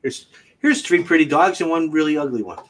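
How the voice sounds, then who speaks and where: A man's voice: on the high side, lively intonation, brisk, a little hiss or hum. A man hosting a casual livestream chat, joking and chatty and laughing often. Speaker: host.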